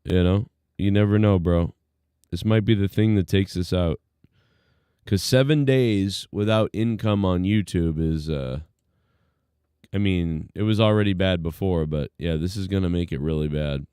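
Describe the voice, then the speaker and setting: Deep, mellow, laid-back stream host. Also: male voice, measured pace, clear, resonant tone, dry recording, studio quality. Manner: laid-back, rambling, full of fillers. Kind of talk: casual live-stream commentary.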